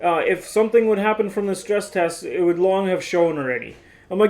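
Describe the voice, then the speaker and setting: A man's voice: high-pitched, fairly quick. A man in his twenties telling his story in a casual, exasperated way, full of "like"s. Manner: animated, exasperated retelling with many "like"s.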